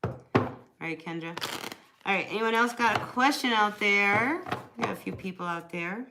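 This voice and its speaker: A woman's voice: medium pitch, normal speed, very noisy. A woman chatting casually during a live tarot reading, answering viewers by name and laughing often. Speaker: tarot reader.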